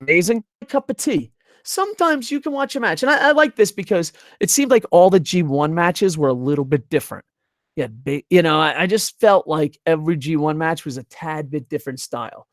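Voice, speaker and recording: A young man rambles through a wrestling review on a live stream, swearing freely and answering chat as he goes. His voice sits a little high. He is close on a desk microphone in a dry room. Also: lively intonation, fairly quick, no room sound. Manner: rambling, profane, reads chat aloud. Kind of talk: casual live-stream commentary.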